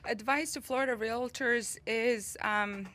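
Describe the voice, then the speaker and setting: A woman from Bosnia with an accent, speaking as a podcast guest in an earnest, measured way. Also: a little high, fairly bright tone. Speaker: guest, real estate executive. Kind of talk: podcast interview.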